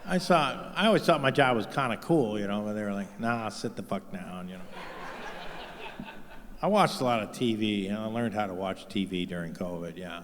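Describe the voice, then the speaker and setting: Fairly quick and expressive, a middle-aged man with a lowish voice performs stand-up full of crude profanity, mocking and punching up every line. The large comedy venue has a live audience, and the live stage mix with hall reverb sits against a noisy background.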